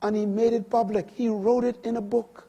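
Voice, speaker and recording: Man, middle-aged, preacher, husky voice, dramatic sermon, shouted emphasis. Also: very high voice, flat delivery, a little fast, lo-fi sound. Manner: dramatic preaching, swinging between hushed asides and loud emphatic climbs; shouts key points.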